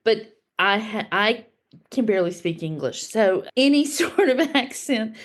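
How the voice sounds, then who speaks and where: A woman's voice: a little high, lively intonation, measured pace. A woman co-hosting a writing podcast, who chats in an enthusiastic, self-deprecating way. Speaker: podcast co-host. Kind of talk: casual podcast chat.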